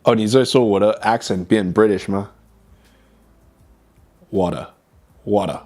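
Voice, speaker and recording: A man's voice: fairly low pitch, fairly even intonation, brisk, a little mellow, faint music behind. A man streaming as a vtuber, chatting casually about food and reading chat, switching between English and Mandarin.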